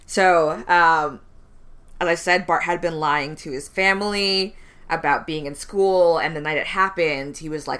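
Young woman, low pitch with a bright edge, telling a true crime case with casual ums. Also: normal speed. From West Indian family, immigrant parents. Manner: relaxed storytelling with frequent ums, laughs between lines.

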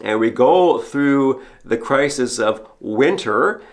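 A man preaching an earnest podcast homily, speaking like a priest and returning again and again to a steady refrain. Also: medium pitch, slow. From Canada. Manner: earnest, repeats a refrain for emphasis. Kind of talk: sermon.

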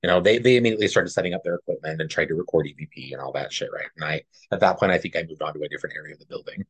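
A man's voice: sits low, very fast, breathy edge, no echo. A man co-hosting a podcast, earnestly telling a personal story in a rambling, casual way and often checking in with "right?". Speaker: podcast co-host.

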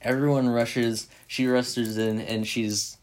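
Guy rambling thru a movie recap real slow, lotta "like", swears a bunch. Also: mid-range voice, little pitch movement. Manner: rambling, heavy with "like" fillers, swears freely. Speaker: movie reviewer. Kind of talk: casual spoken movie recap.

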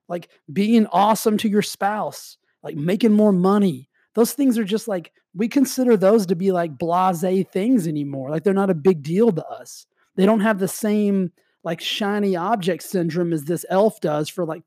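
Male motivational speaker, warm low-toned delivery, casual and fired up, slight cough, dry close sound. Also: slightly rough, no room sound. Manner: energetic, casual, heavy use of "like". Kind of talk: motivational monologue.

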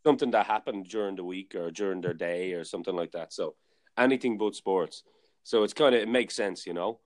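Male podcast host, lower voice, loose chatty storyteller. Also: fairly quick. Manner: rambling storyteller, many fillers and restarts. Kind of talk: casual chat.

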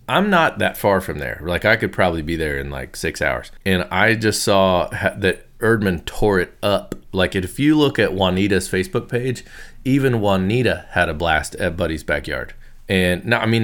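Low-voiced man rambling as radio host. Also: fairly bright tone. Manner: rambling, loose and joking, many fillers and restarts. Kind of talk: casual radio chat.

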